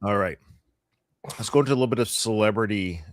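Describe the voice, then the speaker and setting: A man's voice: fairly low pitch, quick pace, no room sound, studio quality. A middle-aged Canadian man co-hosting a live podcast, chatting casually with a joking, rambling, sarcastic manner. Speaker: podcast co-host.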